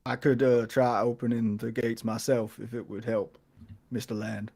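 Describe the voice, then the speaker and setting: A man's voice: mid-range voice, flat delivery, normal speed, vocal fry, a little mellow, slightly rough. A man playing a polite big warrior. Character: big, polite male warrior with a metal leg.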